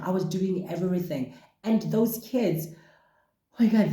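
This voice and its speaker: A man hosting a casual podcast monologue, talking in an animated, expressive way and exclaiming often. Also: a little high, echoey room. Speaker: podcast host.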